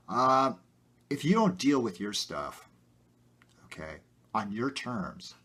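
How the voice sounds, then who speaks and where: A man talking casually to his viewers about his own life, rambling with many fillers and getting animated. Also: lowish voice, husky. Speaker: video host. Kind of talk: casual personal talk to camera.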